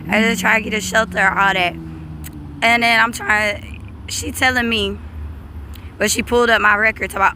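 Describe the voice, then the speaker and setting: A woman's voice: mid-range voice, unhurried, pauses often, sharp tone, slight background noise. A woman vlogging outdoors, telling a story in loose, rambling bursts with restarts and free swearing. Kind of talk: casual storytelling vlog. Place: outdoors by a street.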